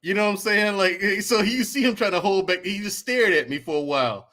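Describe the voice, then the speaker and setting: A man who served in the army, a guest on a casual podcast, telling animated stories and laughing as he goes. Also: high voice, brisk.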